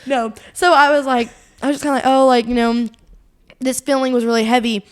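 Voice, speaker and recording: A woman's voice: high voice, flat delivery, fairly quick, clean tone. A young woman, co-hosting a podcast and telling a long personal story in rambling, casual chat full of fillers and laughs. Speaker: podcast co-host.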